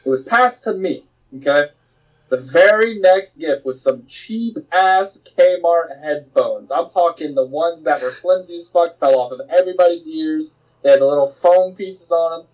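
A man's voice: on the high side, a little slow, highs cut off. A man hosting a casual podcast chat, telling a story with lots of swearing and laughter. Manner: profane, animated storytelling with laughs. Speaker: podcast host.

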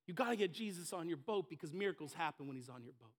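A man pastor delivering a sermon to a congregation from a church stage, impassioned, swinging between loud emphasis and hushed asides. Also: on the high side, expressive, fast talker, hardly any pauses.

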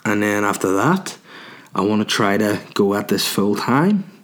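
A man's voice: fairly low pitch, big pitch swings, a little slow, a bit bright. A man with a Northern Irish accent, a stand-up comedian alone in a small room, chatting solo in a rambling, sweary way full of "you know". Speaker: stand-up comedian and podcast host. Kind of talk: solo casual chat.

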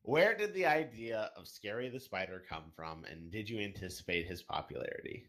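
A man hosting a casual podcast and reading out listener questions. His pitch swings widely and his delivery is lively and animated. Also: a little fast.

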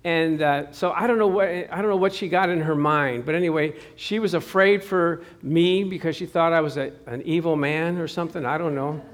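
A male pastor preaching a sermon with a notably high voice. He tells personal stories in a chatty, easygoing way and keeps calling out to the congregation for responses. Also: normal speed, hardly any pauses. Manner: chatty storytelling with crowd call-outs.

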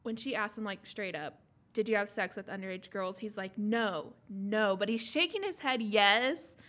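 Young woman co-host, bright clear tone, animated storyteller, casual chat. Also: medium pitch, moderate pace. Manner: animated, laughing, acting out quotes. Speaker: podcast co-host.

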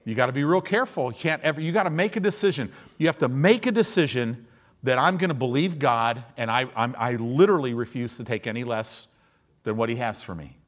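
A man's voice: mid-range voice, lively intonation, brisk. A male pastor preaching in a conversational way, asking his listeners questions and acting out people's reactions. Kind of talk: sermon.

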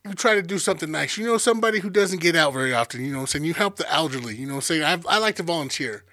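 Profane, teasing man with a bright voice. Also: fairly high pitch, lively intonation, rapid-fire, dry recording. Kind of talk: casual chat, comic storytelling.

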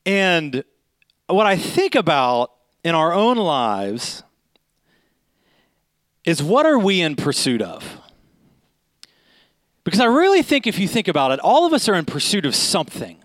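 A man in his thirties preaching in a casual, animated storytelling way, often checking in with "okay?". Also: high voice, a little slow, pauses often, dry recording. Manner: animated, conversational, keeps asking "okay?". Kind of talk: storytelling sermon.

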